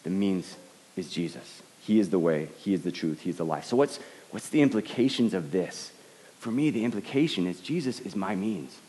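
A man preaches with a low voice and an earnest, searching manner. He often repeats the first word of a phrase as he finds his way into a thought. His voice carries a long reverb, as if heard in a large hall. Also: lively intonation, normal speed, mellow. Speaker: pastor. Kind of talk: sermon.

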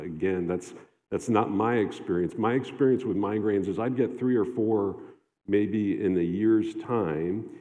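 A man preaching a sermon as a pastor, talking conversationally with halting restarts and fillers. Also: low-pitched, mellow. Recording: long hall reverb, dull lo-fi sound.

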